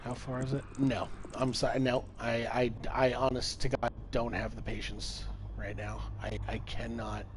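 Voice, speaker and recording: A young man giving live commentary while playing a space game, swearing often and swinging between exasperation and excitement. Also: mid-range voice, moderate pace, background noise. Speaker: game streamer.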